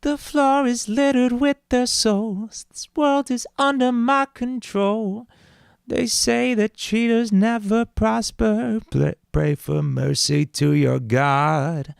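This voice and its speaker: A high slow menacing demon villain. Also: male voice, vocal fry, clean tone, no room sound, clean studio sound, heavily acted. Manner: slow drawn-out menacing delivery. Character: menacing demonic male villain, taunting and cruel.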